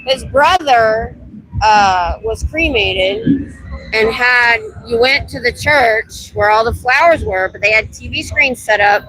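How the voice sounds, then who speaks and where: A woman's voice: on the high side, sharp tone, a little hiss or hum, rough recording. Chatty woman livestreaming on a street. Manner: chatty, rambling, talks to passersby. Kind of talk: casual chat on a livestream. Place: city street at night, outdoors.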